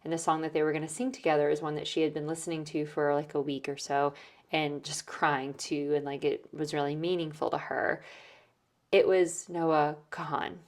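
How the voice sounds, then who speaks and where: Female host, low voice, casual storytelling recap, filler-heavy. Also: flat delivery, normal speed. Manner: chatty, many "like" and "um" fillers. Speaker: podcast host.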